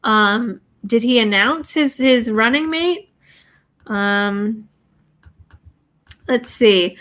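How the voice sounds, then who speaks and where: A woman's voice: on the high side, extremely slow, fairly bright tone. A woman hosting a casual livestream, chatting bluntly and rambling while reading viewer messages. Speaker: livestream host reading viewer super chats.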